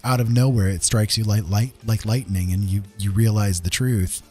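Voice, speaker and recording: Earnest, halting male streamer. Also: on the low side, fairly even intonation, faint music behind. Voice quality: earnest, gentle and reassuring. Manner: halting with many fillers and restarts. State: getting a little emotional. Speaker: live streamer. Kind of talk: casual live-stream chat.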